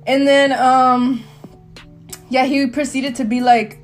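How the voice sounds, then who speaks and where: A young woman with a fairly high voice chats loosely and candidly on her solo podcast. She rambles through a story in heavy slang and laughs often. Soft music plays faintly behind her. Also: normal speed. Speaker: podcast host. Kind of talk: casual solo podcast chat.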